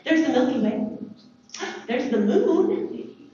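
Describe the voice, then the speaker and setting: An American woman teaching a planetarium class, chatty and lively, asking students questions. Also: sits high, takes it slowly, heavy reverb, distant mic, highs cut off. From United States. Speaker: astronomy teacher. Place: planetarium dome.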